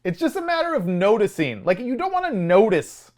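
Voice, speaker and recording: A man's voice: sits high, sing-song, fairly quick, a little mellow. A man co-hosting a movie review show, mocking the film in casual debate and laughing often.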